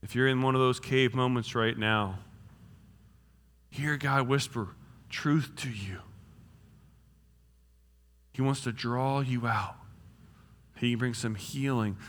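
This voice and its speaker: A man preaching a sermon in a casual, joking way, swinging between loud emphasis and hushed tones. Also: mid-range voice, measured pace, long pauses, long reverb tail. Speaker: pastor. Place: church.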